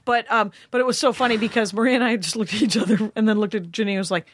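A woman's voice: a little high, fairly even intonation, racing. A woman hosting a podcast, talking in a chatty, joking way and laughing often. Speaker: podcast host. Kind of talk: casual chat.

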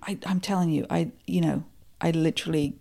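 A woman's voice: low voice, steady tone, fairly quick, gravelly, mellow. A woman from Britain with a British accent, a guest chatting casually and wryly. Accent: British English. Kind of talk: casual interview chat.

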